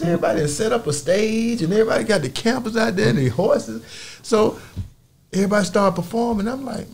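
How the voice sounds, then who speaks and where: A man's voice: high voice, fast, vocal fry. A man as an interview guest, telling stories in casual talk and acting out quotes in other voices. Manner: animated storyteller, acts out quotes in voices.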